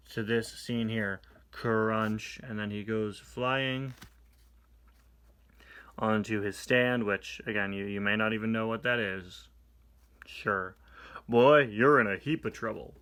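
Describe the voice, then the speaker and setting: Brief: male toy reviewer, sharp bright tone, sarcastic exasperated commentary, snaps into quick character voices. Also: lowish voice, fairly even intonation, smooth. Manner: reads captions aloud in quick put-on voices. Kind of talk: casual comic book review.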